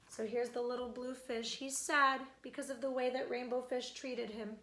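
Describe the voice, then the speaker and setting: A young adult woman reading a children's picture book aloud, talking directly to young listeners with lively warmth. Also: fairly high pitch, moderate pace, hardly any pauses. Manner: warm, animated, talks to kids directly.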